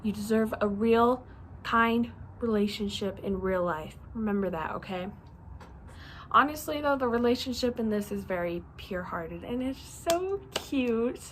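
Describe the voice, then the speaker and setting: A young woman with a fairly high voice chats about her reading in a bubbly, rambling way, stringing thoughts together with lots of "like". She sounds sleepy and yawns between thoughts. A faint room hiss sits under her voice. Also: lively intonation, measured pace. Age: young adult. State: sleepy, yawning. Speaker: reading vlogger. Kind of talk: casual chat.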